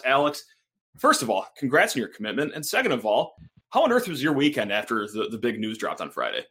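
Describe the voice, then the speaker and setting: A man hosting a casual sports podcast, talking in an energetic, joking way and reading ads. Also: mid-range voice, fairly quick. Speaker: podcast host.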